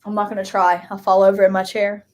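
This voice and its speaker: A woman's voice: medium pitch, level tone, quick pace, a little mellow. A woman from Kentucky co-hosting a live stream, chatting casually in a rambling way with lots of filler words.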